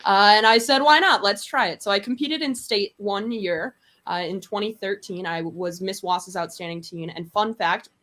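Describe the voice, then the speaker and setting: A woman's voice: medium pitch, a bit bright. Upbeat chatty young woman from Wisconsin. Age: 20s. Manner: upbeat and chatty, quick to laugh. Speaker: podcast guest. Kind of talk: casual conversation.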